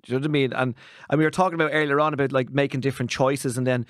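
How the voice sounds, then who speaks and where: An Irish man hosting a podcast, talking in a quick, jokey, rambling way. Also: medium pitch, fairly even intonation, no room sound, studio quality. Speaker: podcast host. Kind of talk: casual chat.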